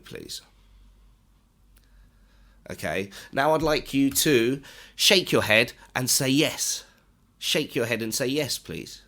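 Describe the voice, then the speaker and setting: A man teaching an online training module, lively and instructive, often jumping up in pitch to stress points. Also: slow, long pauses. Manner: animated, instructive, pitch jumps up for emphasis. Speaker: corporate trainer. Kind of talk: online training lecture with demonstration.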